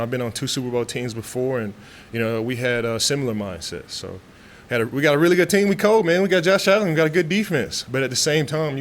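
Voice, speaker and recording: Man, 30s, laid-back press conference talk, lots of "you know" and restarts, mid-range voice, faint background hum. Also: medium pitch. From Texas. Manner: relaxed, talkative, frequent fillers and restarts. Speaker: football player at press conference. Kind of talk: casual press interview. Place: media room after practice.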